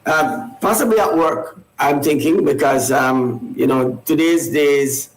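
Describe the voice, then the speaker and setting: Halting man co-hosting radio, echoey. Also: fairly high pitch. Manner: halting, repeats words, laughs easily. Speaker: radio show co-host. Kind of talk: casual radio talk show chat.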